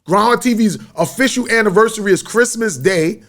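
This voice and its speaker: A man hosts his own podcast from a studio, spinning a loose, rambling story full of street slang. His voice sits high for a man and has a rough, gravelly edge. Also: fairly quick, noisy background. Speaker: podcast host. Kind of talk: casual storytelling monologue. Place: media studio.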